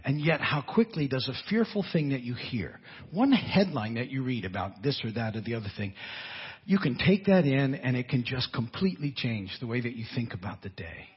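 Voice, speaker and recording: A man preaching a sermon as a pastor, in an animated, conversational way with asides and laughter. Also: mid-range voice, moderate pace, husky, highs cut off.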